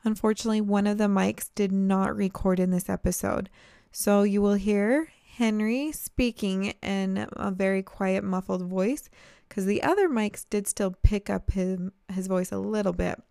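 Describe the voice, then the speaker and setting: A woman's voice: mid-range voice, vocal fry, darkish tone. A young adult woman co-hosting a podcast in casual chat, talking loosely and laughing easily. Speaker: podcast co-host.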